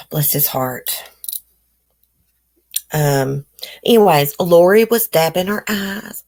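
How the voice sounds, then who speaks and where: Low-voiced woman, blunt livestream chat. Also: expressive, measured pace, long pauses. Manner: blunt, opinionated, chatty with viewers. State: toothache, swollen face. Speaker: livestream host. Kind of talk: casual livestream commentary, reading news aloud.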